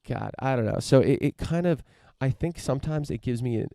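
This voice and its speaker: A man's voice: mid-range voice, lively intonation, moderate pace, creaky, dark tone, no room sound. A young man hosting a podcast, rambling through a casual profane rant with lots of restarts and fillers. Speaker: podcast host.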